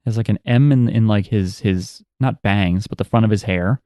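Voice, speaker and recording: A man's voice: on the low side, normal speed, dark tone, dry recording, clean studio sound. A man co-hosting a podcast in casual chat, joking and rambling with some swearing. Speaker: podcast co-host.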